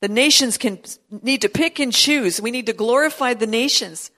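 A woman's voice: a little high, normal speed, sharp tone. A woman preaching a sermon to her congregation, earnest and emphatic, with frequent restarts as she reads from her notes. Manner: earnest, emphatic preaching with rising intensity on quoted prophecy. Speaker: pastor.

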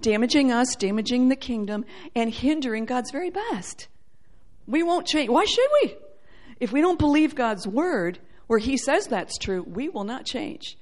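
Woman, high voice, sermon, animated preaching, acts out quoted voices, loud-soft swings. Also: moderate pace.

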